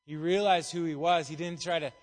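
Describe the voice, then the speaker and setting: A man's voice: a little high, fairly even intonation, a little fast. A man preaching a casual, playful sermon, chatty and jokey as he talks through a Bible passage. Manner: playful, chatty, acts out voices.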